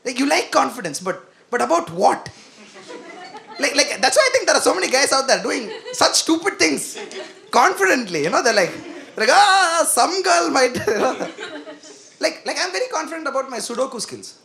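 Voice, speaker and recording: Animated young man doing stand-up. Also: extremely high pitch, a little fast, creaky. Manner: animated, self-mocking, talks to the crowd. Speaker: stand-up comedian. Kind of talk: stand-up comedy set. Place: comedy venue with live audience.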